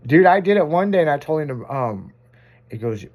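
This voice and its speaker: A man's voice: fairly high pitch, big pitch swings, brisk, a little mellow. A man hosting a radio show, telling rambling, profane stories in a casual on-air chat. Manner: rambling, profane, self-amused anecdotes.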